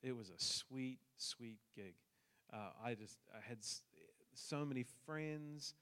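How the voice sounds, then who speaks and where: A man's voice: mid-range voice, slow, sharp tone, smooth. A man from New Zealand with a New Zealand accent, telling a personal story in a sermon with jokes for the congregation. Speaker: pastor.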